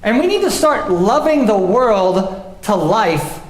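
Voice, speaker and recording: A young adult man, a pastor, preaching a sermon with emphatic swings and soft low drops on key lines. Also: big pitch swings, slow. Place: church sanctuary. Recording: echoey church room.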